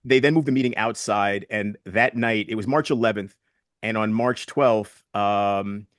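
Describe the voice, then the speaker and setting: A man in his sixties speaks as a guest in an interview, earnest and reflective. His voice sits somewhat low. The recording is dry, with little room sound. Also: a little slow, no echo. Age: 60s. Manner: earnest, reflective, retells conversations. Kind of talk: conversational interview storytelling.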